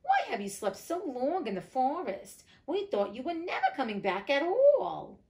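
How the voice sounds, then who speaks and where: A woman's voice: high-pitched, huge pitch swings, moderate pace, darkish tone, voice pushed up, exaggerated voice. A woman reading the lines of a scheming, cold-hearted stepmother in a storybook, stern and scolding.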